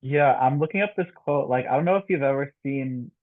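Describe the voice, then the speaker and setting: A man hosting a podcast in a relaxed, casual chat, with halting speech and filler words. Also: mid-range voice. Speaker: podcast host. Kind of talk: casual conversation. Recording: tinny phone-like line.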